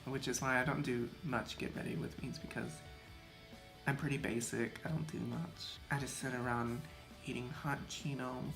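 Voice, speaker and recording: This beauty vlogger is a young man whose medium-pitched voice has a creaky edge. Doing his makeup in front of the camera, he chats loosely and fills his sentences with "like," recorded on the camera mic. Behind him, faint music sounds in an echoey space.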